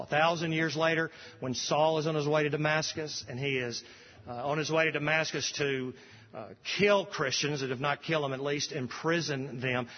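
A pastor preaching a sermon, rising to emphatic repeated refrains, recorded from a distance in a church sanctuary. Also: male voice, fairly high pitch, in a large hall, lo-fi sound.

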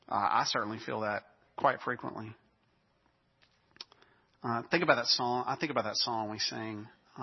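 A man's voice: medium pitch, moderate pace, creaky, breathy edge, long reverb tail, lo-fi sound. A man preaching a sermon in a conversational way, with self-deprecating asides.

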